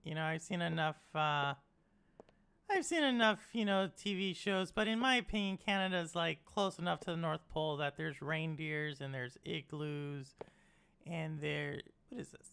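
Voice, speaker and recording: A woman's voice: low voice, normal speed, creaky, a bit bright, clear, resonant tone. A woman streaming a video game, rambling casually, saying "like" a lot and teasing her chat. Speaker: gaming streamer.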